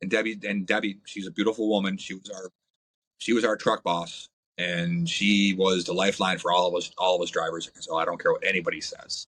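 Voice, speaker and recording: A man, a podcast guest, telling crude, blunt stories in a casual, animated way. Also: low-pitched, a little fast, low-quality recording. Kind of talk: profane casual storytelling.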